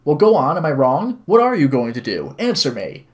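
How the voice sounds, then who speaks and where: A man reading aloud as a stern, condescending older woman who scolds harshly and loudly. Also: medium pitch, big pitch swings, quick pace, close to an everyday voice. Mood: furious. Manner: loud, barking, demanding.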